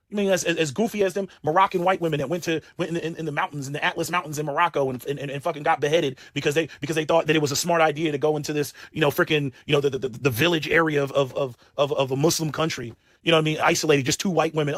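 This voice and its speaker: A man's voice: a little high, rapid-fire, hardly any pauses, fairly bright tone, no echo, studio quality. A man hosting a show, delivering a heated, profane commentary rant, stumbling over repeated words and climbing into bursts of disbelief. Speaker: host.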